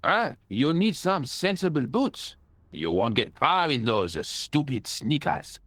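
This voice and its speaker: An actor playing a boastful elderly French ex-soldier with a French accent, in video game voice acting. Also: male voice, a little high, big pitch swings, measured pace, a bit bright, dry recording, full character voice. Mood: haughty. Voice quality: pompous, theatrical chuckling.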